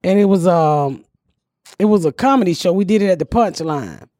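A woman's voice: lowish voice, lively intonation, moderate pace, warm tone, dry recording, clean studio sound. A middle-aged woman comedian hosting a podcast, telling stories bluntly and profanely with frequent laughter. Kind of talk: casual storytelling chat.

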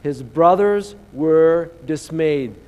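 A man's voice: fairly high pitch, very slow, warm tone. A man preaching a sermon as a pastor, telling the story dramatically and calling out to his congregation. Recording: long hall reverb.

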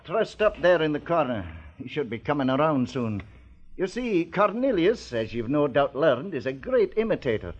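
An actor playing a gruff, loyal old Scottish animal trainer in a 1950s radio drama, with a husky brogue. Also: male voice, on the high side, very animated, moderate pace. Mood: earnest. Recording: dull lo-fi 1950s radio broadcast.

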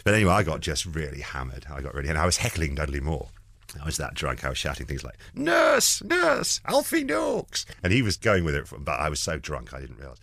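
A man's voice: a bass voice, fast, a bit bright. A man, a comedian guest, telling rambling stories in an interview and acting out the quoted lines. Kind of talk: anecdotal interview chat.

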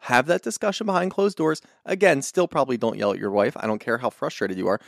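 A man's voice: mid-range voice, quick pace, vocal fry, no room sound, clean studio sound. Blunt, swearing man co-hosting a podcast. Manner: blunt, heated, swears freely. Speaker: podcast co-host. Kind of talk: casual recap chat.

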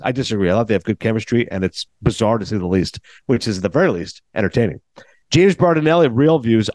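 Animated man reviewing films. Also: mid-range voice, quick pace, no echo. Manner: animated, jokey, acts out scenes in quoted voices. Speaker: film critic podcast host. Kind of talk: casual film review monologue.

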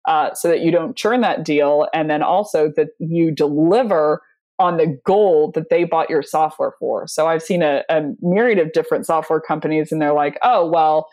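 A woman guest speaking casually on a sales podcast, telling stories with plenty of fillers and frequent laughter. Her voice sits a bit low. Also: moderate pace, darkish tone. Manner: chatty, anecdotal, laughs often, many fillers. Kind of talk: casual conversational interview.

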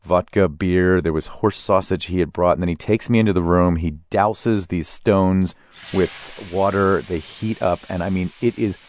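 A man as an interview guest, telling relaxed anecdotes about his travels and laughing as he goes. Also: low-pitched, normal speed, no room sound. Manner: relaxed anecdotal storyteller, laughs mid-sentence. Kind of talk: conversational storytelling.

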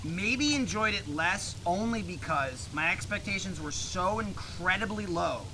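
A man co-hosting a podcast in casual banter, animated and quick to act out scenes in silly voices. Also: sits high, a little hiss or hum, low-quality recording. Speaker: podcast co-host. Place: hot tub.

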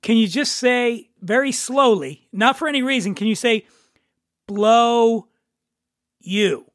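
Joking podcast host guy, high voice, dry close sound. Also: expressive, normal speed, a bit bright, dry recording. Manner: joking, teasing. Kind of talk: casual chat.

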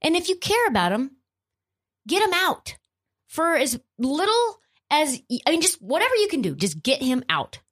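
A woman hosts a sports podcast with an opinionated rant. Her voice sits on the high side and leaps around in pitch. She is blunt and emphatic and swears freely. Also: big pitch swings, moderate pace, a bit bright. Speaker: podcast host.

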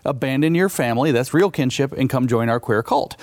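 A man's voice: mid-range voice, a little fast, darkish tone, no echo, studio quality. A man talking as a guest author on a talk show, emphatic and combative, building his points in punchy lists. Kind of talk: political talk show interview.

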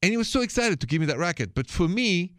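A man's voice: high-pitched, sing-song, fast talker, fairly bright tone, dry recording, clean studio sound. A middle-aged man with a thick Parisian French accent, hosting a radio advice show in a chatty, playful way and slipping in French words. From France.

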